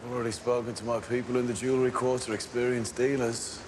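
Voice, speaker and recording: An actor as a 1920s Birmingham gang boss with a Birmingham accent in a crime drama, clipped and cold, breaking into furious shouts. His voice sits in a middle pitch. Steady noise runs under it. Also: fast talker, natural voice.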